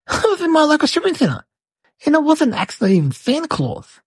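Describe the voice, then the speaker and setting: A woman's voice: sits high, big pitch swings, brisk, dry recording. A woman voicing a cheeky little boy, telling a silly story to the camera in a rambling, chatty way full of fillers.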